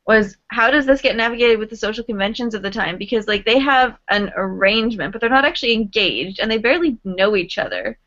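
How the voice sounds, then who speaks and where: A woman's voice: a little high, brisk, hardly any pauses, a bit bright. A young woman in a casual book club discussion, speaking thoughtfully with many fillers. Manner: thoughtful, uses many likes. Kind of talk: casual chat. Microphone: video call. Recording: dull lo-fi sound.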